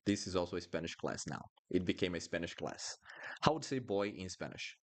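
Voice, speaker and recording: Deep-voiced man teaching live. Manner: lively and encouraging, drills sounds slowly, asks the chat questions. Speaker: Portuguese teacher. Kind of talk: live online language lesson.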